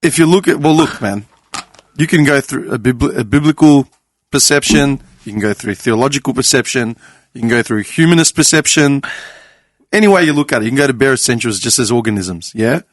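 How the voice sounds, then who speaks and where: A young man of Greek family hosting a casual podcast chat, animated and swearing freely as he retells conversations. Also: mid-range voice, fairly quick, dry recording. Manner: animated storyteller, swears freely, quotes others. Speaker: podcast host.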